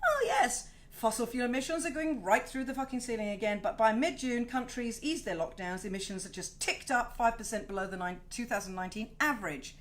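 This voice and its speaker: A middle-aged woman hosting her own home video show, chatty and swearing freely with animated asides. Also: on the high side, brisk, hardly any pauses. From Wales. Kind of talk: casual home video chat. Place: home, indoors.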